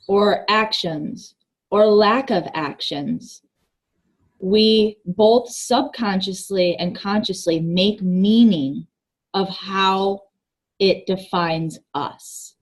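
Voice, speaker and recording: Slow, thoughtful woman in conversation. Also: mid-range voice. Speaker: guest, gym worker. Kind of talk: casual conversation.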